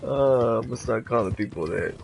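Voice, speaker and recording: A man's voice: medium pitch, fairly quick, gravelly, darkish tone, poor audio. Crude, joking young male gamer. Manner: crude, joking, full of impressions. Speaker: gamer commentating his play. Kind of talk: casual let's-play chat.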